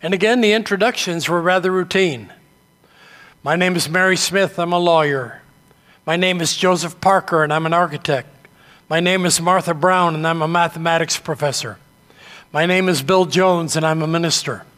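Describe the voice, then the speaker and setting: An older man from New England preaching a sermon, telling stories in a measured, earnest way. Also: on the high side, a bit bright, in a large hall. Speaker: pastor.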